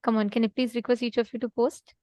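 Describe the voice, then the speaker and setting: Woman, high voice, dry close sound, earnest spiritual teacher who repeats her points. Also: flat delivery, quick pace, warm tone, dry recording. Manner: earnest, repeats for emphasis, asks listeners to respond. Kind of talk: online teaching session with a story.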